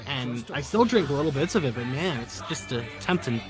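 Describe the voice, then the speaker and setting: A man co-hosting a casual live stream, chatting and cracking wry, deadpan jokes. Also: medium pitch, moderate pace, over music. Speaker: stream co-host.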